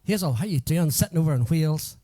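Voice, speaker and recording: A man's voice: a little high, lively intonation, quick pace, dark tone. A man hosting a live music stream, chatting casually and greeting viewers one by one.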